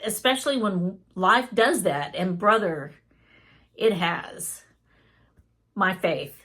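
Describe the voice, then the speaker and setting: A woman's voice: mid-range voice, fairly bright tone, slightly rough. A woman telling an earnest, emotional faith testimony in a casual spoken style.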